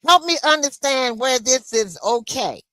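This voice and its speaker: A woman's voice: sits high, animated, a little slow, a bit bright, no room sound. A woman from the United States hosting a solo livestream, venting in an impassioned, emphatic way. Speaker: livestream host.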